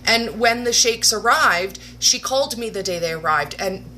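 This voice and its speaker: A woman hosting a livestream, telling a personal story in a casual, animated way with laughs and mock-dramatic asides. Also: medium pitch, normal speed, slight background noise. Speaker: livestream host. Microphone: webcam or phone livestream.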